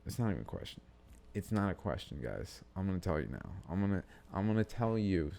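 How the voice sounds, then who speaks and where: A man with a low, gravelly voice talks unhurriedly into a podcast mic, his pitch rising and falling a lot. He meanders from thought to thought, cuts himself off, and swears casually as he goes. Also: big pitch swings, fairly quick, mellow. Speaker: podcast host. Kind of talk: rambling solo podcast musing. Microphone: studio-style podcast mic.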